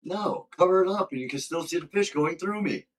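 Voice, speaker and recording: A man's voice: sits high, fairly quick. A man co-hosting a casual livestream, chatting back and forth in an offhand way.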